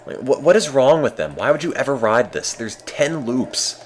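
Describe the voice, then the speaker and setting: A man streaming a game with casual, deadpan, self-mocking commentary. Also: mid-range voice, moderate pace, a little hiss or hum.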